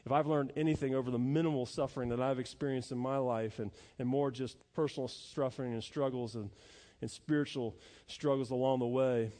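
A male pastor preaching a sermon in an earnest, folksy way, talking straight to the congregation and swinging between loud emphasis and quiet asides. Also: mid-range voice, big-room sound. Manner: folksy, addresses the congregation directly.

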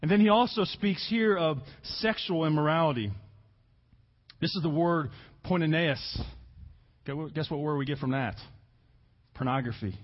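A man preaching a sermon as pastor, earnest, stressing key words slowly and repeating himself for emphasis. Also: on the high side, highs cut off.

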